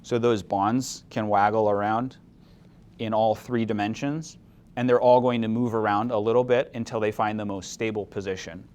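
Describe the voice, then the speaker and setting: A man's voice: lowish voice, fairly even intonation, moderate pace, a little mellow. A man teaching a chemistry lecture, explaining step by step and asking the class questions. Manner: asks the class questions, mildly opinionated. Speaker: chemistry instructor.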